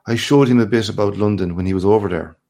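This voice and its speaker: Brief: male reader as a worldly, back-slapping journalist, deep gravelly voice, expansive storybook swagger. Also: quick pace, mellow. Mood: boastful. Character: boastful worldly Irish journalist, man, middle-aged.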